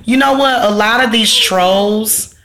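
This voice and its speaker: A woman's voice: on the high side, a little slow, a bit bright, a little hiss or hum. A woman vlogger, talking casually and bluntly to her viewers, cursing and ranting. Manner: blunt, profane, ranting, slangy. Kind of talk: casual talk to camera.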